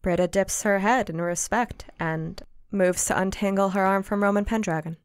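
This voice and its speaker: A woman playing a tabletop game, narrating her character's moves lightly and quickly. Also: mid-range voice, steady tone, clean tone, no room sound, clean studio sound. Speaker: player.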